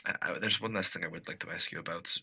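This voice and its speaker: A man voicing a hesitant young woman adventurer with a dark soul who speaks formally and stumbles over her words. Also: low-pitched, steady tone, creaky, breathy edge, exaggerated voice. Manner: halting and formal, many stumbles.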